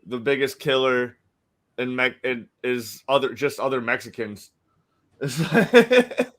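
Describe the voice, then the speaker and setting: A man's voice: mid-range voice, animated, slow, a bit bright. A man in casual podcast chat, telling rambling stories and laughing between them.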